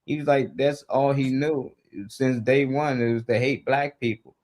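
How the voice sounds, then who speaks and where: A man's voice: mid-range voice, fairly even intonation, normal speed, darkish tone. A man hosting a live morning talk show in casual chat, rambling loosely and laughing between his points.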